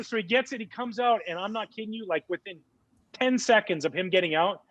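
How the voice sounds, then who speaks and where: Guy in his 40s telling a wild story on a podcast, kinda high voice, super dry close sound, says dude and like a lot. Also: fairly quick, no echo, highs cut off. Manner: lively storyteller, many "like" and "dude" fillers. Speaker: podcast guest, former baseball pitcher. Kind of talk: animated casual storytelling.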